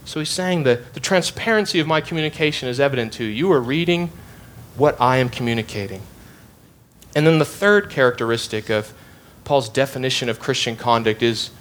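A man's voice: medium pitch, brisk, fairly bright tone. A man preaching an expository sermon, emphatic and repeating phrases to drive his points home.

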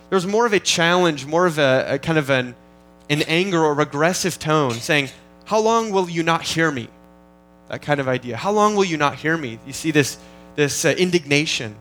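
An earnest male pastor delivers a sermon, his voice pitched a little high for a man. He teaches steadily, often repeating and restarting phrases as he thinks aloud. Faint music plays softly behind him. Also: rough recording. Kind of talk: expository sermon.

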